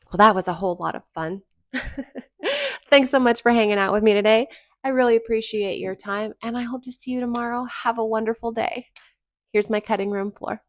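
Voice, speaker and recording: A woman's voice: on the high side, animated, normal speed, no room sound, clean studio sound. A middle-aged woman hosting a reaction video, giving blunt, sarcastic commentary.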